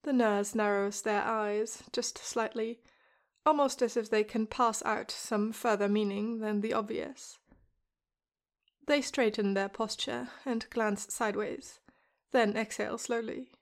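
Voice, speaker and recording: A woman calmly reading a story aloud in a measured way. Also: fairly high pitch. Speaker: podfic reader. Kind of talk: storybook narration.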